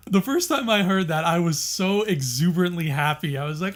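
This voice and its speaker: A man's voice: sits high, a little fast. A man co-hosting a podcast, chatting casually and passionately, often laughing and restarting his sentences. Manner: passionate, emphatic. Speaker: podcast co-host.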